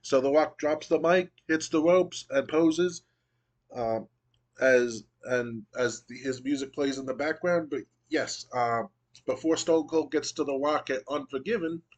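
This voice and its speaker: Casual man narrating gameplay. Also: mid-range voice. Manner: relaxed, reads out results with fillers. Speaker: video game booker.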